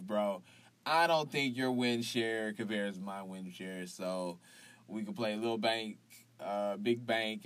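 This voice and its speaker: A man hosting a casual solo fantasy football podcast, laughing often, repeating himself and swinging from loud hype to low mutters. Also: dry recording.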